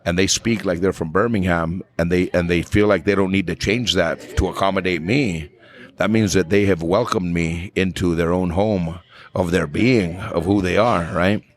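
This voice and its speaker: Low-voiced New Mexican man, thoughtful. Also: fairly even intonation, moderate pace. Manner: thoughtful, repeats words as he searches for them. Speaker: podcast guest, flamenco singer. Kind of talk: casual conversation.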